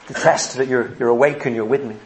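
A man's voice: medium pitch, fairly even intonation, quick pace, slight background noise. A man preaching a sermon, earnest and emphatic, acting out the people he quotes. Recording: echoey room.

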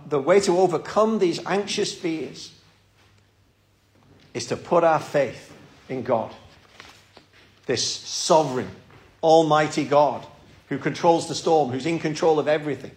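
A man's voice: a little high, measured pace, pauses often, darkish tone. A man preaching a sermon in a church, earnest and pleading, often repeating his words.

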